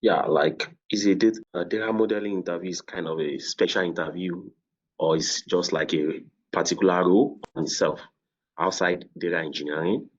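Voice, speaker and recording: A hesitant man joins a video call to ask a question, filling his pauses with fillers and restarting words. His voice is very deep. The call audio is dull and lo-fi. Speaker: program participant.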